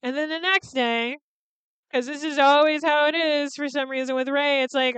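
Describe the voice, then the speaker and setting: A woman's voice: high voice, steady tone, normal speed, a bit bright, no room sound. A woman in her thirties hosting a podcast, chatting casually and profanely as she recaps a movie and acts out its lines. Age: 30s. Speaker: podcast host.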